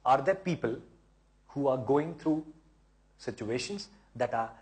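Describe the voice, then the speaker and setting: Male host, casual advice talk, encouraging and wordy, mid-pitched. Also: animated, unhurried, darkish tone. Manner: encouraging, explains at length with repeated words. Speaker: host answering viewer questions.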